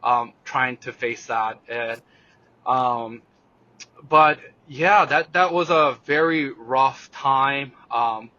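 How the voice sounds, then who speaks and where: A young man, a guest on an interview show, telling a personal story in a halting casual way with many fillers and restarts. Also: medium pitch, pushed and bright, no room sound, dull audio.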